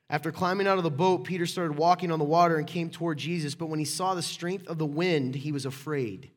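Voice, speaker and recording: A man preaching a sermon in a casual, conversational way, joking with people in the room by name and swinging between loud and hushed. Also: fairly high pitch, fast talker, few pauses. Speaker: pastor.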